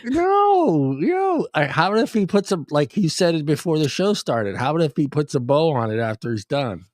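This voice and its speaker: A man's voice: fairly high pitch, brisk, dry recording, studio quality. A man co-hosting a casual talk show, laughing and rambling with stammering restarts. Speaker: co-host. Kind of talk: casual banter.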